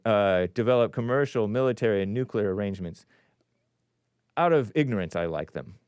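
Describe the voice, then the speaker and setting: A man's voice: lowish voice, expressive, brisk, darkish tone, clean tone, dry recording. A man hosting a call-in show, reading news aloud with sarcastic, rambling asides and chuckles. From California. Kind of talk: casual live-stream commentary.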